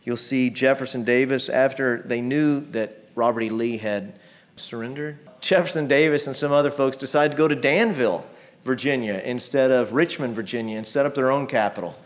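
A man's voice: mid-range voice, normal speed, muffled recording. A man preaches a sermon in a conversational, emphatic way, often putting questions to the congregation.

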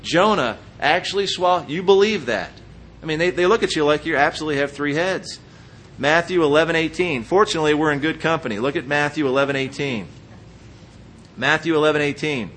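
A man preaching a sermon, walking the congregation through Bible passages with lively asides and acted-out quotes. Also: a little high, quick pace, slight background noise. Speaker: pastor.

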